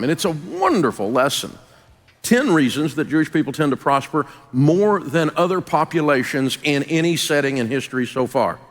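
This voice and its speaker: Southern older man, business speaker, folksy and emphatic, fairly high voice, long reverb with soft music. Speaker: business speaker and radio host. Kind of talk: folksy motivational talk.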